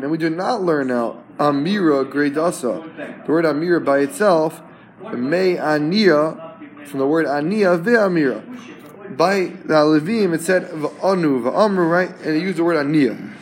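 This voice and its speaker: A man teaching a Talmud class. He translates each term phrase by phrase and often checks in with his students. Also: on the high side.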